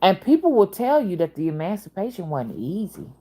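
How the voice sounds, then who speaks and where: A Southern woman in her fifties, a spiritual reader who hosts a channel, rambles casually from topic to topic. Her mid-range voice is warm and very animated, and she talks a little fast.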